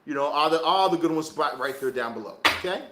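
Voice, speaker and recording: A man's voice: a little high, quick pace, noisy background. A man chatting casually as a tarot reader on a livestream, slangy and laughing through his asides. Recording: echoey room.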